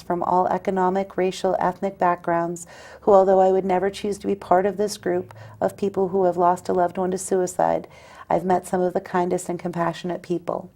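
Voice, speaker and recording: A woman with a low, gravelly voice speaks in a steady, even testimonial, with a dark tone and little rise and fall. Her delivery is measured and earnest throughout. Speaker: suicide loss survivor sharing her story. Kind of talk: personal testimonial.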